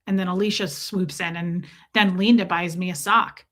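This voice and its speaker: A woman's voice: on the low side, steady tone, normal speed, fairly bright tone. A woman live streamer chatting casually with her viewers, telling rambling, self-mocking stories.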